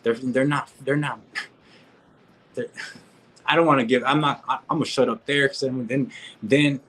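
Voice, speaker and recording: A man's voice: mid-range voice, steady tone, unhurried, fairly bright tone, low-quality recording. Slangy man ranting live. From California. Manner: slangy, repetitive, full of restarts and "homie, dog" asides. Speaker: reaction streamer. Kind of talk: casual live-stream rant.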